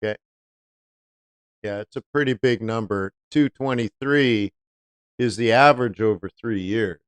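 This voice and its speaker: A man's voice: lowish voice, unhurried, clean tone, no room sound. A man hosting a live-stream trading lesson, chatty, often asking viewers rhetorical questions. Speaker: trading educator.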